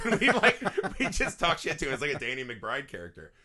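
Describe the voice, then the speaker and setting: A man with a bright, forceful voice chats loosely on a movie podcast. He swears freely and laughs as he tells rowdy stories about growing up in a one-stoplight farm town. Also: mid-range voice, huge pitch swings, fast. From small farm town. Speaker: podcast co-host. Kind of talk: casual movie podcast chat.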